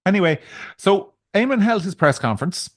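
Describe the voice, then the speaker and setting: A man co-hosting a political podcast, giving measured opinions in casual chat with frequent restarts. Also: high-pitched, animated, no echo, clean studio sound. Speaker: podcast co-host.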